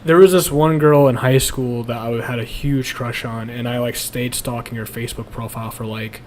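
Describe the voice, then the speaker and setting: A young male streamer with a medium-pitched, darkish voice talks at a normal speed with fairly even intonation. He's blunt and profane in casual, confessional talk, laughing at himself, with faint noise in the background.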